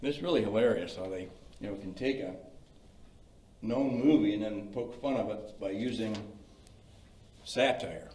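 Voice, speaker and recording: Low-leaning and a little mellow, the voice of an older man moves at a moderate pace with frequent pauses. He's heading a creative writing workshop in a library meeting room, giving a casual lecture laced with anecdotes, folksy chat, and many "you know" fillers. A mic placed far away produces a roomy recording.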